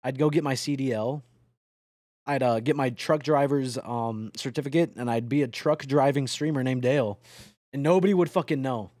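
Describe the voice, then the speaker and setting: A man's voice: medium pitch, moderate pace, darkish tone, no room sound, studio quality. A young man streaming a trucking game, chatting with his viewers in a rambling, joking way and swearing often. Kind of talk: casual live-stream chatter while playing a trucking game.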